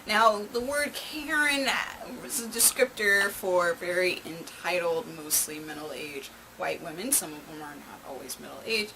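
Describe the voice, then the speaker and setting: A woman's voice: lowish voice, expressive, measured pace, few pauses, background noise. A woman hosting her own movie review channel, chatty and openly sarcastic. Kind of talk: casual video review.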